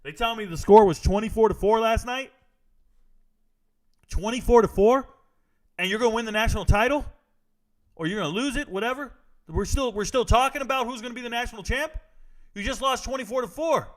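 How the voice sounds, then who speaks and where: Blunt high-voiced man ranting. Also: fairly quick. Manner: blunt, emphatic, repeats his points. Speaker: show host reading chat; former army first sergeant. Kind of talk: casual livestream rant.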